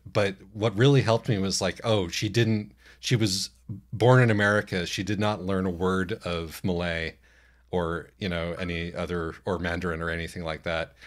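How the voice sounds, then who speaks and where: A man co-hosting a casual book podcast, wry and hesitant, with many pauses and restarts. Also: low voice, fairly even intonation. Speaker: podcast co-host. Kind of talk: casual book-discussion chat.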